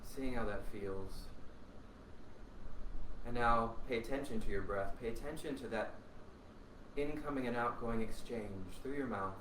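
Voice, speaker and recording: A man leading a guided voice warmup as a voice teacher, coaching calmly and without hurry. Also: medium pitch, background noise. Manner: calm, unhurried coaching with spoken exercise sounds. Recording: echoey room, voice from a distance.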